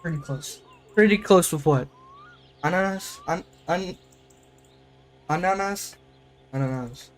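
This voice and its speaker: A young American man talks his way through a live stream, musing aloud and stumbling over foreign words. His voice sits a bit high for a man, and a faint hum of room noise lies under it. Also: measured pace, pauses often. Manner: rambling, self-questioning, trying out German words. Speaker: game streamer. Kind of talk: casual live-stream chat.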